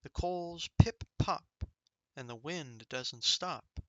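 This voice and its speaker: A man reading a rhyming children's picture book aloud, rhythmic and expressive as he savors the rhymes. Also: on the high side, slow pace, no echo. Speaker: storybook reader.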